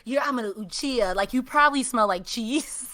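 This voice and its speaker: A woman's voice: a little high, normal speed, bright, forceful tone. A woman chatting as a guest on a casual online show, joking and laughing often, on a video call. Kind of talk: casual chat.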